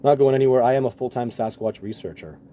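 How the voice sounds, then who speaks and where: A man's voice: medium pitch, fast, warm tone. A middle-aged man hosting a live stream, answering viewer questions in a rambling, earnest way with many restarts. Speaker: livestream host answering chat. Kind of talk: casual live chat. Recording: faint background noise.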